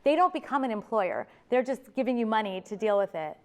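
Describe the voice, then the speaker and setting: A woman attorney giving an informal talk and taking audience questions, talking fast and restarting her sentences often. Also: a little high, very animated, a little mellow. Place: public library meeting room.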